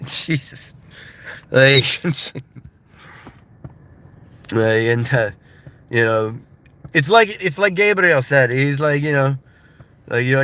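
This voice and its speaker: Casting: American man, thirties, loose laughing livestream chatter, bright ringing voice. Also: medium pitch, animated, slow pace, pauses often. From United States. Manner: loose and laughing, filler-heavy, mimics voices for comedy. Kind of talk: casual rambling chat. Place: in a car.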